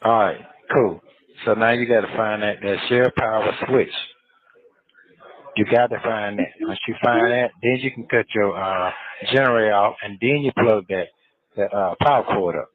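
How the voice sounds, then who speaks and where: A man calmly giving step-by-step instructions over a phone call. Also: fairly low pitch, moderate pace. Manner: calm, instructive. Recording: tinny phone line from far off.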